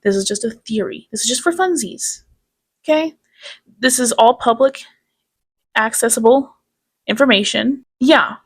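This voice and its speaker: A woman's voice: a little high, unhurried, long pauses, slightly rough, no room sound. Blunt, sarcastic woman in a dry room. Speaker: commentary YouTuber. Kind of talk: casual commentary.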